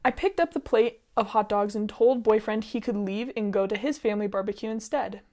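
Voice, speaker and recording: A young woman reads online stories aloud in a casual, chatty way. She mixes the reading with her own opinionated asides, scattered with "like" and "um". She sounds expressive and drifts off topic easily. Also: medium pitch, fairly quick.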